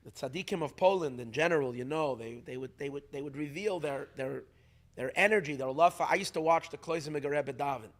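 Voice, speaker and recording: A man's voice: a little high, a little fast. A middle-aged man, a rabbi, telling stories in an unscripted talk to a community gathering. He speaks emphatically and often restarts or repeats words as he goes.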